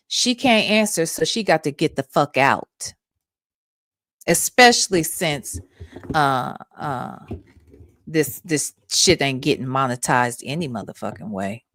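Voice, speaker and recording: A woman's voice: on the low side, fairly bright tone, no room sound, studio quality. A woman streaming live, talking bluntly and with profanity straight to her chat. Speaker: streamer reacting to a radio segment.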